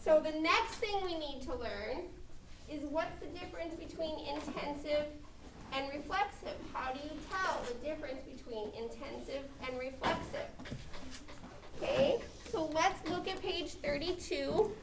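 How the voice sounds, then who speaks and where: Teacher lady going slow, high voice, echoey room, sounds far from the mic. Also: lively intonation, background noise. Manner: explains with repeated "okay?" checks. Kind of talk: classroom grammar lesson. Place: classroom.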